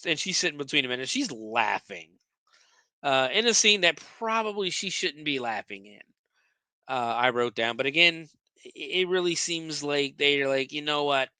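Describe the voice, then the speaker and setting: Guy podcaster going thru a movie plot, kinda high voice, swears a lot, trips on his words. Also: lively intonation, moderate pace, sharp tone, dry recording. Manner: profane, sarcastic, stumbling over words. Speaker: podcast host recapping a movie. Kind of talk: casual movie recap.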